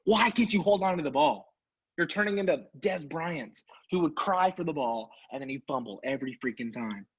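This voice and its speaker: A man's voice: fairly high pitch, expressive, normal speed, slightly rough. A man co-hosting a sports podcast, ranting in casual talk, sarcastic and exasperated. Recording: dull lo-fi sound.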